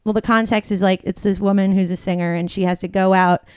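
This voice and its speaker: An actress chatting casually, self-conscious and quick to laugh. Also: female voice, mid-range voice, little pitch movement, a little mellow, smooth, dry recording. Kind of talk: casual chat.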